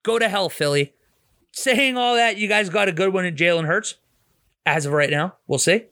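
A high-pitched, pushed, bright voice belongs to a podcast host from Pittsburgh, USA, who speaks with a Pittsburgh accent. He swears freely while giving blunt, opinionated football picks in casual betting talk.

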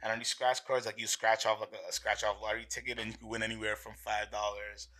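A man's voice: on the low side, flat delivery, quick pace, pushed and bright. A young man telling a casual story about his sales career, rambling, with many fillers and restarts.

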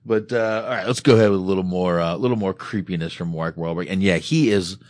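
A man hosting a film podcast in an animated, casual way, laughing and swearing as he talks. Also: low-pitched, quick pace. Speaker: podcast host reviewing a film. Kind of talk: casual chat.

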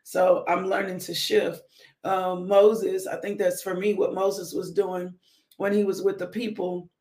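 A woman's voice: on the low side, level tone, measured pace, a little mellow, echoey room. A woman hosting a live-streamed morning devotional. She preaches conversationally, speaks straight to her viewers, and breaks into whoops and laughter. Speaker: devotional host.

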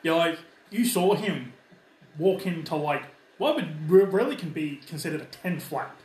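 A man's voice: fairly high pitch, animated, moderate pace, a little mellow. A man narrating as game master in a casual, loose way. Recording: echoey room with faint noise.

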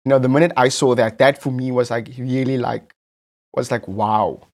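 Camp, animated South African man telling a story. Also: mid-range voice. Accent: South African English. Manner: animated, camp, drawn-out delivery with repeated phrases. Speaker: podcast host. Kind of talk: casual storytelling chat.

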